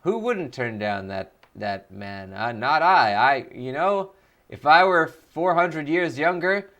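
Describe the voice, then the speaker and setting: A man's voice: a little high, animated, slow, fairly bright tone, full character voice. A man doing Elroy Elrond, a boastful old elf lord. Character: rambling pompous elf lord, old male. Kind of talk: comic improvised character voice.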